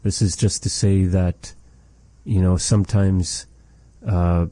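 Brief: low-voiced male language teacher, dark mellow tone, dry close sound, thoughtful and hesitant. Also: little pitch movement, slow pace, dry recording. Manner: thoughtful, hesitant, searches for words. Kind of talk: explaining language lesson.

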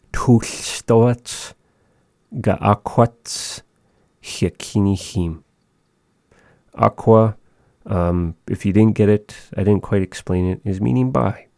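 A man giving a language lesson, thinking aloud in a slow, measured way with frequent pauses. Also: low-pitched, warm tone, dry recording, clean studio sound. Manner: slow, measured, pausing often. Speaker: language teacher.

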